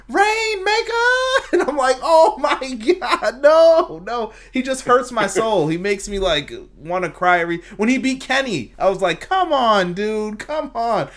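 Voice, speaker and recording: A man hosting a casual wrestling podcast, excitable, laughing and acting out his reactions. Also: a little high. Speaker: podcast host.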